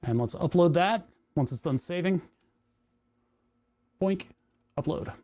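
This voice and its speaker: A man with a fairly high voice chats through a hardware project on a livestream. He rambles, talks to himself, reads chat aloud and jokes at his own expense. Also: expressive, slow, warm tone. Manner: rambling, self-mocking, thinks aloud. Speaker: livestream host. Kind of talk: casual live coding chat. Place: home workshop.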